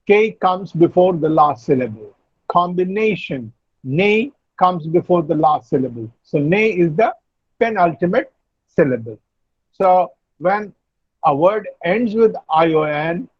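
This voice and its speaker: A man lecturing an online class, explaining slowly, repeating and spelling out words. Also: high voice, dry recording, muffled recording. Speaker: university lecturer. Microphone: video call.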